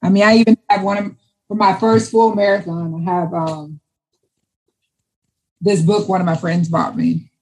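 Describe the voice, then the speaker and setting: Husky-voiced woman chatting enthusiastically. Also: on the low side, normal speed, long pauses, low-quality recording. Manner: enthusiastic, chatty, repeats words when excited. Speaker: interview guest. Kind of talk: casual conversation.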